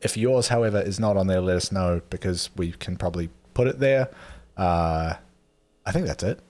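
A man's voice: low voice, moderate pace, a little mellow. A man co-hosting a podcast, giving dry, laid-back plugs and asides. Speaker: podcast co-host. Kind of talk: casual podcast banter.

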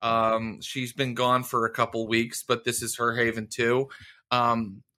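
A man narrating a tabletop game as game master, talking in a halting, good-humored, conversational way. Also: medium pitch, monotone, sharp tone.

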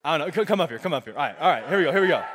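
The long reverb of a large hall surrounds a young man's racing, fairly bright voice, on the high side with lively intonation. He's a pastor giving a casual youth sermon, repeating himself and prompting the audience to echo his words.

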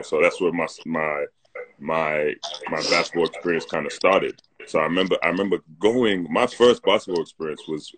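Low-pitched and a touch bright, the voice belongs to a London man in his thirties, originally from North London, co-hosting a laid-back live stream. He spins stories full of "like" and "you know," recorded on a phone with slight background noise.

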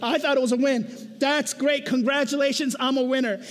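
A man preaching a sermon, conversational and animated, often checking in with "right?" and telling stories with self-mocking humor. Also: very high-pitched, normal speed, few pauses. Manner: conversational, keeps asking "right?". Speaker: pastor. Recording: echoey hall.

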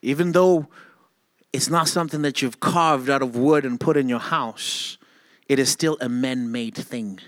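A man preaching a sermon with impassioned delivery that rises to near-shouting and then drops to soft asides. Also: medium pitch, a little slow, dry recording.

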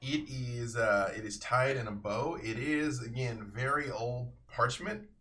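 Bright-voiced game master narrating. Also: male voice, medium pitch, measured pace.

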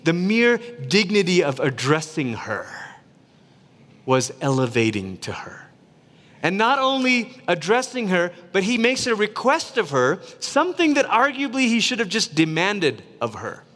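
A man from Malaysia preaching a sermon in a lively, conversational way, acting out quotes as he goes. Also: high-pitched, unhurried, long reverb tail. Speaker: pastor.

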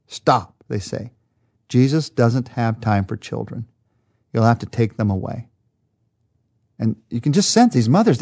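An earnest male Bible teacher leads a daily study, setting the scene like a storyteller and pausing to restart a word now and then. His voice sits in an ordinary, middle register for a man. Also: mid-range voice, warm tone. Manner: earnest storytelling, vivid retelling with small restarts.

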